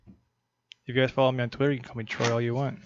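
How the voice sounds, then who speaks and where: A man's voice: medium pitch, little pitch movement, very fast. A man doing casual, joking play-by-play on a live poker stream. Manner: joking, chatty banter. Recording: dull lo-fi stream audio, faint noise.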